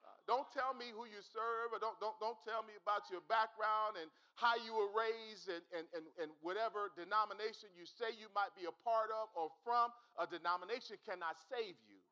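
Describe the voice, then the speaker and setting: A man's voice: high-pitched, normal speed, hardly any pauses, bright, forceful tone, smooth, rough recording. A male pastor preaching a fervent sermon in a church, repeating his points and calling out to the congregation. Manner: fervent, repetitive, calls out to the congregation.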